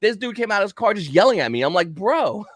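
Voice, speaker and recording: A man telling a story in casual chat on a livestream, acting out the quotes in an animated way. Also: high voice, quick pace, dry recording, studio quality. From Kentucky. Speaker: livestream guest.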